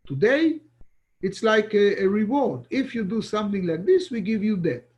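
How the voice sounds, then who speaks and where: A man's voice: high-pitched, big pitch swings, normal speed, a little mellow, dull audio. A middle-aged man, giving an online lecture as an ambassador, talking with many restarts and repeated words.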